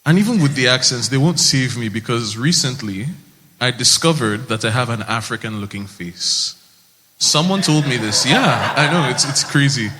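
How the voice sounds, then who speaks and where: A young man from Nigeria with a Nigerian accent, doing a stand-up set in a wry, deadpan way. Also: mid-range voice, normal speed, a little hiss or hum. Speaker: stand-up comedian. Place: comedy stage. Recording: reverberant live stage.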